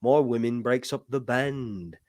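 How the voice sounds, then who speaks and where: A man's voice: medium pitch, measured pace, darkish tone, no room sound, natural voice. A cocky male rock musician from Liverpool, full of swagger and bragging about himself, as an American man puts on the voice. The Liverpool accent is attempted rather than native. The sound is dry and close. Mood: boastful. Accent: attempted Liverpool English.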